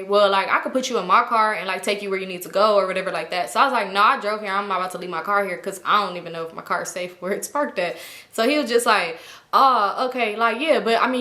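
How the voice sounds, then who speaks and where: A woman's voice: mid-range voice, roomy sound. A young woman, telling a wild night story casually, acting out the people she quotes. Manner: fast, animated retelling with quoted voices. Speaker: vlogger.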